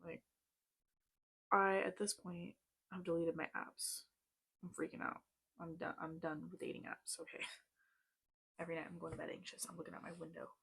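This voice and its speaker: While putting on makeup, a thirtysomething vlogger chattily recounts something that happened to her, peppering it with "like" and tense side remarks. She speaks at a moderate pace in a low, level, creaky voice that is a bit bright and slightly rough, with long pauses.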